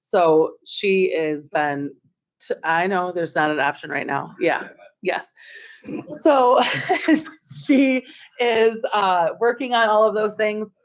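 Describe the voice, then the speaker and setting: At a board meeting, a woman school administrator tells the school board a story, chatty and excitable and saying "like" constantly. Her voice is medium-pitched and she takes it slowly, though the meeting audio is dull and muffled.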